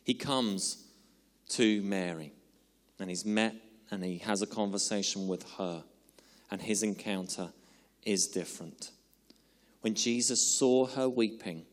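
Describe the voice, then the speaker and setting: A man preaching a sermon in earnest, slowing down for emphasis and then easing into chatty, humorous asides. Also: fairly low pitch. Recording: long hall reverb.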